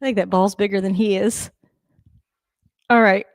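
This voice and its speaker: A woman giving casual live reaction to a football game, with wry asides and a high coaxing voice for her dogs. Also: fairly even intonation, normal speed, no echo, clean studio sound. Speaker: host of a football reaction channel. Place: at home.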